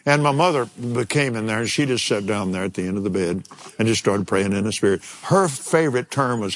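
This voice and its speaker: An older man preaching a sermon, telling a personal story in an animated way and chuckling now and then. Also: on the low side, a little fast, a little hiss or hum.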